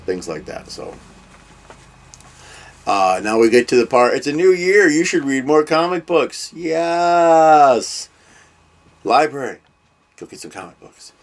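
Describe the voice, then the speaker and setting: An older man hosts a casual comic book vlog in a lowish voice. He rambles at an easy pace, dotting his talk with ums and drifting into side remarks. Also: husky. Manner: rambling, with many ums and trailing asides. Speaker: comic book review host.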